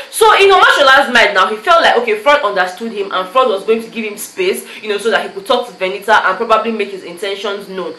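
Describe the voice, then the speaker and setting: Fast, bright-voiced Nigerian woman recapping TV. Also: medium pitch. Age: young adult. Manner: chatty, animated storytelling with pidgin asides. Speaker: YouTuber. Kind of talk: casual reality-show recap. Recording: echoey room.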